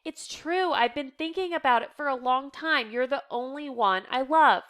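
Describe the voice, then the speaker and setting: A woman's voice: high voice, moderate pace, fairly bright tone, voice pushed up. A woman voicing a frightened, defiant teenage girl in an earnest, pleading read.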